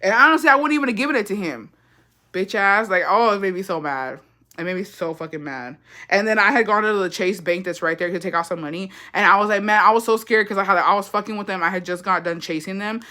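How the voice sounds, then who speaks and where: A woman's voice: medium pitch, fast talker, pushed and bright. A young woman from Texas telling a story on her livestream, blunt and heavy with swearing, dropping Spanish phrases in. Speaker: livestream host. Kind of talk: casual livestream chat, storytime. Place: indoors, livestream.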